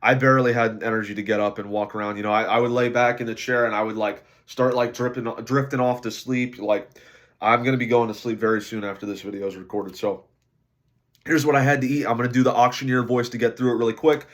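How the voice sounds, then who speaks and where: A sleep-deprived man talking casually in a diary-style weight-loss vlog, low on energy and rambling with lots of fillers. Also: fairly even intonation, fast talker.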